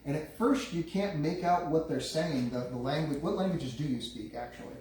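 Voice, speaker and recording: A man's voice: fairly high pitch, animated, a little mellow. Echoey, distant man running a game. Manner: descriptive, halting narration with many restarts. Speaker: game master. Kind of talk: narrating a live tabletop game. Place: room around a gaming table. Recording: echoey room, distant mic, faint noise.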